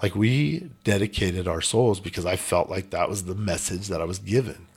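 Man, low voice, gravelly fry, blunt, emphatic, casual storytelling guest. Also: moderate pace, darkish tone. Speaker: podcast guest.

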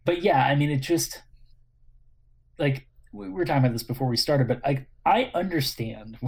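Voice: mid-range voice, a little mellow, slightly rough. A podcast co-host talking casually about a film, hesitant with frequent restarts. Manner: hesitant, many restarts and fillers.

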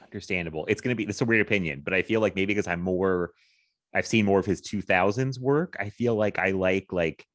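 A man's voice: low voice, a little fast, no echo, clean studio sound. A man co-hosting a film podcast, rambling casually with many fillers and frequent laughs. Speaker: podcast co-host.

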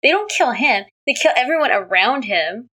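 A woman's voice: on the high side, animated, normal speed, bright, forceful tone, poor audio. A woman co-hosting a casual podcast, reading a plot recap from notes and commenting frankly, with some swearing. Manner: reads recap notes aloud, frank, swears, reacts with short agreements. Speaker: podcast co-host recapping a drama. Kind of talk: casual chat.

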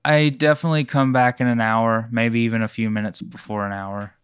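A man's voice: mid-range voice, level tone, fairly quick, smooth, no echo. A man playing along in a comic tabletop game, dry and matter-of-fact. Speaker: guest player. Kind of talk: casual comic role-play.

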